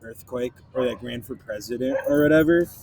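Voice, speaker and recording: A man's voice: mid-range voice, brisk, a crowd in the background. A young man co-hosting a casual chat outdoors, telling stories with lots of laughs and filler words. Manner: laid-back storytelling with frequent laughs and "like" fillers. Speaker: podcast co-host. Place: outdoor park basketball courts.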